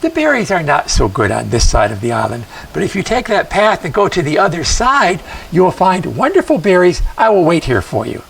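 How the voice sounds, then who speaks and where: A sly young woman with false friendliness, voiced by a male storyteller. She coaxes smoothly in a husky tone, and the voice sounds far from the mic. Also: high-pitched, huge pitch swings, a little fast, hardly any pauses, a bit bright, heavily acted. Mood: coaxing.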